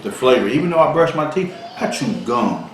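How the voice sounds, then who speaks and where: A man's voice: medium pitch, very animated, fairly quick. A man co-hosting a casual eating vlog, joking around and boasting through his stories. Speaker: vlog co-host. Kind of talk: casual mukbang chat. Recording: very echoey room, faint background noise.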